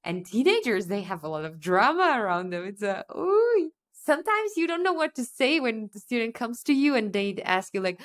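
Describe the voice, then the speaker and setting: A woman's voice: a little high, very animated, moderate pace. A woman in her twenties from North Macedonia, a teacher chatting with enthusiasm in an interview, gushing and laughing often. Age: 20s. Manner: bubbly, gushing, laughs often, says "oh my God". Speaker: guest, English teacher. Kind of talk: casual interview chat.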